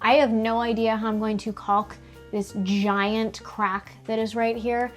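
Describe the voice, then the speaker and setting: A woman's voice: fairly high pitch, measured pace, faint music behind. A young adult woman vlogging about home renovation in a casual, sassy, profane storytelling manner. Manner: sassy, profane, animated storytelling with voiced quotes. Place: home hallway, indoors.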